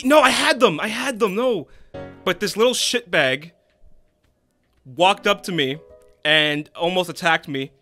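A man streaming a game in casual commentary, excitable and quick to yell and swear at the characters, drifting into rambling stories with many restarts. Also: fairly high pitch. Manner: rambling anecdotes with frequent restarts.

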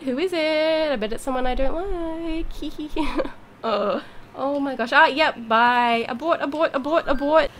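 A woman giving casual gameplay commentary as a YouTuber, gushing, giggly and excitable, with mild swearing. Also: high-pitched, slow pace, a little hiss or hum. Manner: bubbly, giggly. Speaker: gaming YouTuber.

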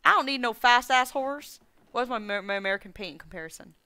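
Woman, streamer, gameplay commentary, thinking aloud, folksy slang, high pitch, crisp tone. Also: quick pace, bright, forceful tone. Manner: thinks aloud, rambling to herself.

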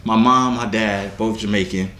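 A man's voice: on the low side, moderate pace. A young man vlogging at home, joking and bragging in playful casual banter. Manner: playful boastful banter with lively rises. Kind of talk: joking casual vlog chat. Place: home, indoors. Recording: echoey room with faint ambient noise.

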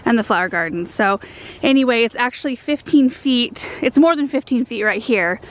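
A woman's voice: a little high, expressive, normal speed. A woman hosting a gardening vlog outdoors in a large home garden, talking in a chatty, rambling way with frequent ums. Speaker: gardening channel host. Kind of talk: casual vlog walkthrough.

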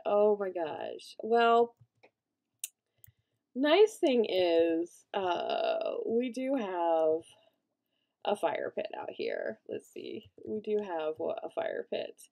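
A woman talks through her game session in loose, rambling commentary, full of fillers and half-finished thoughts. Her voice rises and falls with a lively, mid-height pitch. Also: slow pace, vocal fry. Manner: rambling, many fillers, bursts into panicked shrieks and laughter. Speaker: let's play gamer. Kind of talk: casual gameplay commentary.

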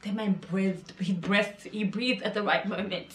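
A woman hosting a reaction video, chatting excitedly and repeating words in quick bursts. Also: mid-range voice, background noise. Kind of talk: casual reaction commentary. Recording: echoey room with music behind. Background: music video playing.

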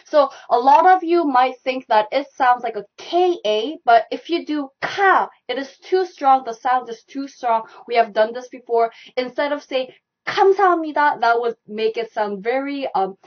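A woman with a Korean accent teaching a live online language class, repeating steps slowly and laughing often. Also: high voice, highs cut off. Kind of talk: live-streamed language lesson.

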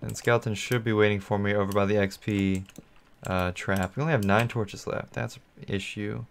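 A man's voice: lowish voice, fairly even intonation, moderate pace, creaky, a little hiss or hum. A man hosting his own gaming channel, giving solo gameplay commentary in a rambling, think-aloud way and talking to his viewers.

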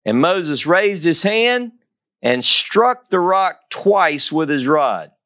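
A man's voice: fairly high pitch, sing-song, slow pace, fairly bright tone. A man giving a Torah teaching, reading scripture dramatically and stressing key phrases by repeating them. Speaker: Bible teacher.

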